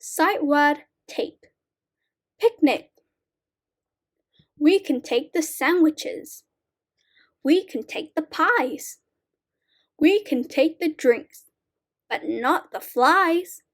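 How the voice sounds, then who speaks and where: Woman teacher, high voice, very slow and clear, reading sight word poems to young kids.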